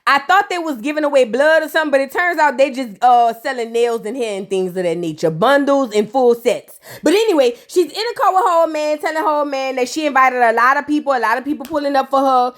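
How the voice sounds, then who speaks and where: A woman's voice: high voice, brisk, few pauses. A woman hosting a casual, comedic recap of a reality TV episode, sassy and chatty, acting out the people she quotes.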